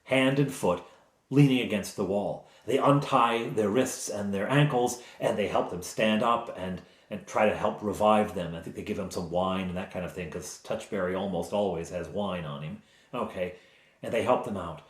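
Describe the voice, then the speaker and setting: A man's voice: fairly low pitch, normal speed, reverberant. A man, the game master, recounting a tabletop game session in a casual, digressive way full of asides and explanations.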